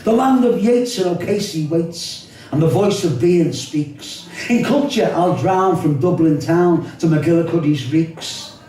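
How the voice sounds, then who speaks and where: With a slightly high, dark voice at a measured pace, an older man from Liverpool recites his own rhyming poems live. His delivery is wry and rhythmic, dotted with spoken asides, and he is picked up off-mic in an echoey hall.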